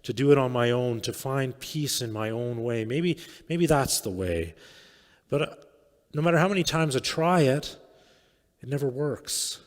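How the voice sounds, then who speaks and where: A man preaching a sermon as pastor, speaking reflectively, often letting phrases fade quietly. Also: mid-range voice, lively intonation, a little slow. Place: church sanctuary. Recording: long church reverb.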